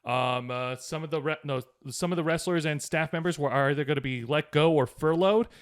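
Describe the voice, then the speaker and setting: Slightly high-voiced podcast co-host. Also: male voice, brisk, clean tone. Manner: relaxed, reads news notes aloud. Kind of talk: casual chat.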